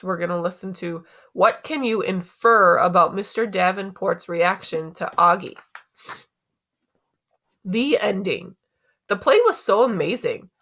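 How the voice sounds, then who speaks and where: A woman teacher reading a novel aloud to students in an expressive, conversational way. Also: on the low side.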